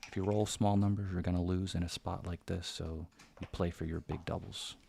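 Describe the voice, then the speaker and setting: A deep-voiced man calls a board game live, keeping his voice hushed and close to a whisper. His tone is gravelly and full of vocal fry, and he thinks aloud as each roll comes in, with a faint noise sitting behind him. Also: level tone, fairly quick. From United States. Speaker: backgammon commentator.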